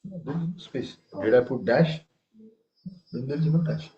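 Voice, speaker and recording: A man's voice: on the high side, normal speed, dark tone, muffled recording, a little hiss or hum. A man teaching a tabla class over a video call, correcting students and reciting rhythm syllables aloud. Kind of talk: online music lesson.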